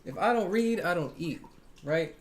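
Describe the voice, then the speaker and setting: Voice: mid-range voice, expressive, moderate pace, slight background noise. A tarot reader hosting a live stream, talking casually and earnestly to viewers, defensive and emphatic, repeating phrases and tagging lines with "right?" and "man". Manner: frequent fillers like "right?" and "man".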